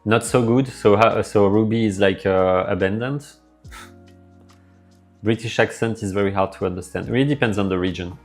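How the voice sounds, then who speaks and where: A man's voice: fairly low pitch, moderate pace, faint music behind. A man with a French accent, live streaming and chatting casually with his viewers, rambling as he answers their messages aloud.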